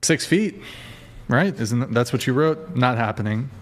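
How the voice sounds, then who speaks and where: A man's voice: medium pitch, lively intonation, moderate pace. A man hosting a podcast chat, blunt and profane, teasing his guest. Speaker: podcast host.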